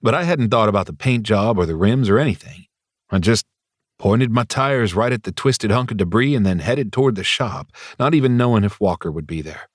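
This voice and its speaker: A man with a deep, low voice narrates a first-person audiobook in a wry, confiding way. His read sits close to the mic in a dry, dead space with no echo. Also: expressive, brisk. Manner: wry, confiding inner monologue.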